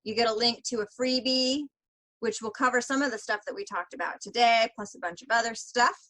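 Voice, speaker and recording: Bright-voiced chatty woman podcast host. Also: on the high side, a little fast, poor audio. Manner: chatty, many fillers, laughs easily. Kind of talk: casual chat.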